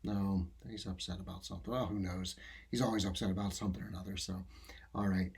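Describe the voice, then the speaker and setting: A man hosting a podcast, wrapping up a segment in a soft-spoken, halting way with many fillers. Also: low voice, fairly even intonation, creaky, breathy edge. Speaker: podcast host. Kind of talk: casual podcast wrap-up.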